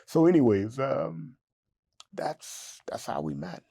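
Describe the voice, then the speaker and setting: A man in his sixties, an interview guest telling a story in a lively way, jumping up in pitch when he quotes himself. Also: a little slow, vocal fry, no echo, studio quality. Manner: animated storyteller, jumps high in pitch when quoting himself.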